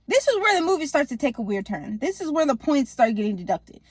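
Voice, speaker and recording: A woman's voice: high-pitched, sing-song, fast talker, few pauses, dry recording. Slangy woman recapping a movie. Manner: slangy, jokey, acts out the characters. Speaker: movie reviewer.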